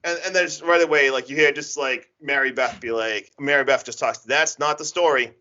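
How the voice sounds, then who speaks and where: A man's voice: mid-range voice, a little fast, bright, forceful tone, highs cut off. A man co-hosting a podcast, chatting casually and animatedly as he retells a slasher movie, laughing and acting out scenes. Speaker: podcast co-host. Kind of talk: casual chat recapping a movie.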